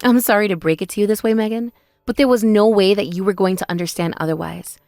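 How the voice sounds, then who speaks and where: A woman voicing a wronged older sister who answers in a measured, pointed way in a text-message story drama. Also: medium pitch, steady tone, no echo, studio quality, soft background music, close to an everyday voice. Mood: calm. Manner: measured, pointed, quietly sarcastic.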